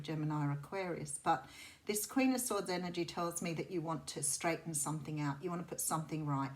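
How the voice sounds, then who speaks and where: A soothing Australian woman in middle age reads tarot cards in a relaxed, chatty way. Her voice sits slightly low. She rambles from thought to thought, restarting sentences as her intuition leads. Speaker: tarot reader. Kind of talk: chatty tarot reading to camera.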